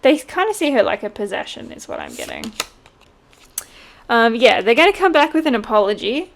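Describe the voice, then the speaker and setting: A woman giving a casual tarot reading, chatty and quick to laugh. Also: on the high side, very animated, creaky, slight background noise. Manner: chatty, laughs often, mimics voices in quotes. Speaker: tarot reader.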